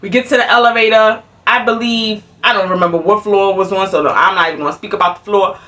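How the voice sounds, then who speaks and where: A young adult woman telling a casual storytime, animated and laughing, often repeating herself. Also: medium pitch, fast. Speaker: vlogger. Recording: voice a bit far from mic.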